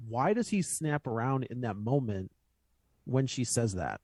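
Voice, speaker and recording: A man's voice: medium pitch, lively intonation, measured pace, darkish tone, dry recording. A man co-hosting a podcast, chatting casually about a film, thinking aloud and laughing along with his partner. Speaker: podcast co-host.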